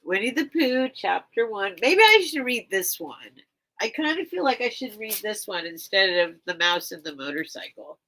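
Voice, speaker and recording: Poor audio carries a woman's sharp, very animated mid-range voice at normal speed. The livestream seller reads a children's book on a casual stream, chatting and rambling between pages with lots of "like," nearly in tears.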